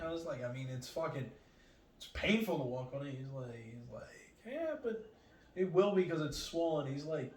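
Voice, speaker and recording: Profane, animated male comedian storyteller. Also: fairly high pitch. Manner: animated, profane, acts out other people's lines. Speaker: comedian guest. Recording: echoey room, distant mic.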